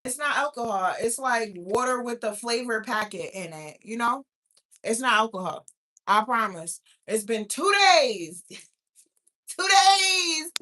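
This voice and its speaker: A young woman hosting a casual livestream, reading viewer comments and telling stories in a blunt, profane, animated way. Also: fairly high pitch, measured pace. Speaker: livestream host.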